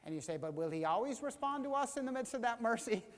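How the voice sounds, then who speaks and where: A man preaching a sermon as pastor. He gets animated and acts out the voices of the people he quotes. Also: very high voice, quick pace, long reverb tail. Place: church sanctuary.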